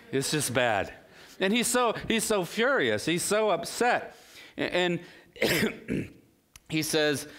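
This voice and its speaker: A middle-aged male pastor preaching a sermon in a relaxed, conversational way, full of rhetorical questions and asides. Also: fairly high pitch, unhurried, creaky.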